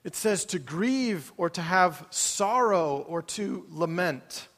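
A man's voice: high voice, animated, slow, fairly bright tone. A man preaching a sermon to a large congregation in a conversational way, often putting questions to the room. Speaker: pastor. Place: large church auditorium. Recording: long hall reverb.

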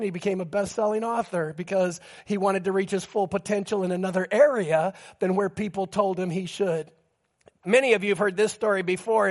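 A man delivers a sermon from the pulpit, his voice pitched high with a gravelly edge. He tells stories in a lively, animated way, throwing in quick asides and acting out the lines he quotes. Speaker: pastor.

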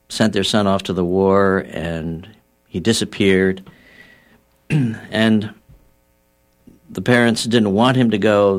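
A man with a very low voice explains a healing theory in a measured way. He tells stories, acts out the quotes and pauses often on fillers. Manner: storytelling with acted-out quotes and frequent fillers. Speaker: guest healer.

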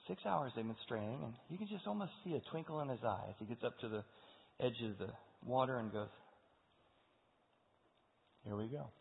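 A man in his forties preaching a sermon, telling the story with animated energy and acting out the characters. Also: medium pitch, fast, creaky, slight background noise. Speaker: pastor. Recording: echoey hall over a tinny phone-like line.

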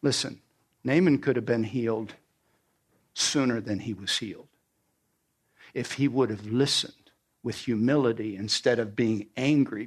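A man preaching a sermon, walking through scripture verse by verse and retelling it in everyday slang. He asks the congregation questions, answers them himself, and sometimes drops to a quiet, low delivery for emphasis. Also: slightly rough.

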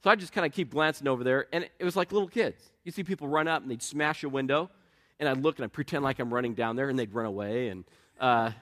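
A man's voice: medium pitch, quick pace, fairly bright tone. A middle-aged man preaching a sermon in an earnest, conversational way, asking the congregation questions and telling personal stories. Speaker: pastor.

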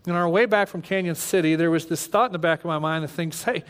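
High-voiced animated male preacher. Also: fast. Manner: animated storyteller, acts out his own panic. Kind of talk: sermon storytelling.

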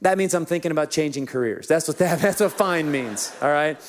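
Brief: Male pastor, higher voice, joking storyteller in the pulpit. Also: fairly quick, a little hiss or hum. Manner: humorous, self-mocking storytelling. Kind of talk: sermon.

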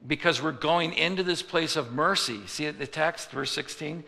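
A man's voice: on the high side, moderate pace, vocal fry, sharp tone. A male pastor preaching a sermon in a conversational style, acting out the voices of people he quotes. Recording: long hall reverb.

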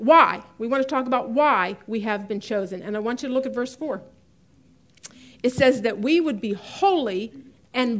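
A middle-aged woman teaching a women's Bible study class in a chatty way, often laughing and stressing key words. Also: fairly high pitch.

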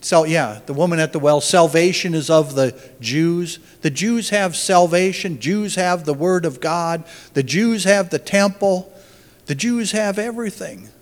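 A man's voice: fairly high pitch, unhurried, few pauses, in a large hall. A man giving an informal Bible teaching, thinking aloud and often restarting his phrases.

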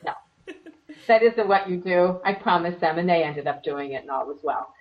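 A woman teaching meditation in an earnest, conversational way, slightly hoarse from losing her voice. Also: on the low side, lively intonation, moderate pace. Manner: earnest, plays out little voices in quotes. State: losing her voice, clearing throat. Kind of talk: relaxed conversational advice. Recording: distant, dull lo-fi sound.

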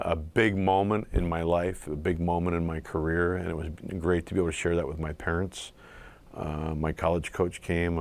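A middle-aged former ballplayer from southeastern Pennsylvania talks through his memories in a very low voice. He speaks haltingly, with many fillers and restarts, reflective and unhurried in a casual interview. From southeastern Pennsylvania, USA. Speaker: former pro pitcher, guest.

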